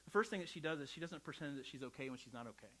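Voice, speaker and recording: A middle-aged man preaching like he's talking with friends, personal and unpolished, tossing in "right?" to keep the room with him. His voice is bright and forward and sits a touch high for a man. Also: lively intonation, very fast, poor audio. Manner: conversational, personal storytelling with frequent "right?". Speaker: pastor. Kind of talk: sermon.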